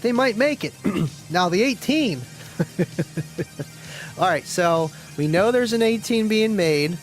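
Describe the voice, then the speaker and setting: A man hosting a casual live stream, chatting in a rambling, friendly way, reading viewer comments aloud and often clearing his throat. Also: sits high, poor audio.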